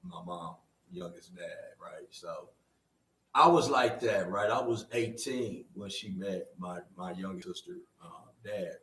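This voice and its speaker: A young man co-hosting a podcast, telling stories in a casual, animated way and loudly acting out the people he quotes. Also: sits low, measured pace, far from the mic. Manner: animated storyteller, acts out quoted voices loudly. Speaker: podcast co-host. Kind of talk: casual storytelling chat. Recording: roomy sound from away from the mic.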